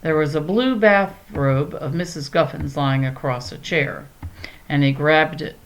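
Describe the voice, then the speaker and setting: Woman narrator, storybook reading, calm, measured, low voice. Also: low-quality recording. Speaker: audiobook narrator.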